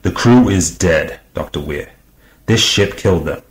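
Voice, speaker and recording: A man's voice: low-pitched, lively intonation, a little slow, low-quality recording. A man voicing a cold, angry starship captain in an audiobook, with clipped commanding lines.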